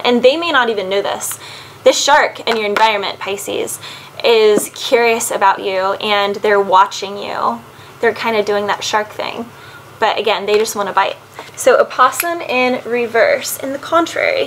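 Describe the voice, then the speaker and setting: A woman's voice: mid-range voice, a bit bright, a little hiss or hum, poor audio. Earnest woman giving a tarot reading. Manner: earnest and advising, repeatedly addresses the listener by zodiac sign. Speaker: tarot card reader. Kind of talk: casual spoken card reading to camera.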